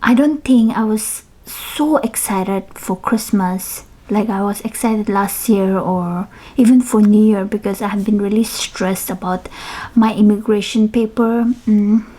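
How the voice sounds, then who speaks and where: A young woman vlogging at home, telling a personal story in a chatty, animated way, with fillers and quiet whispered asides. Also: mid-range voice, measured pace. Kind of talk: casual storytelling.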